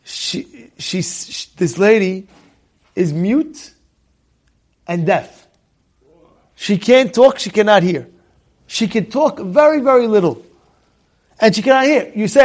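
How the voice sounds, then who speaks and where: Guy with a high raspy voice telling a story, animated, keeps repeating himself and restarting. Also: moderate pace, pauses often. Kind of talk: casual anecdote.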